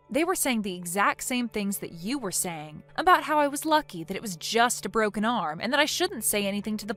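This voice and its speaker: A synthetic woman's voice reading a text-message story in a cold, firm and measured way. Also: medium pitch, fairly bright tone.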